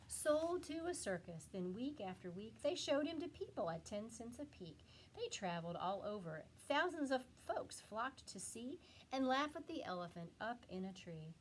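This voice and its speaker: A woman teacher reading a rhyming picture book aloud to children with expressive, animated storytelling. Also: fairly high pitch, normal speed, a little hiss or hum.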